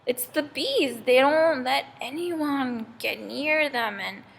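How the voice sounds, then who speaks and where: A woman's voice: sits high, takes it slowly, gravelly, full character voice. A woman voicing a frightened male servant complaining that he was stung. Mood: plaintive.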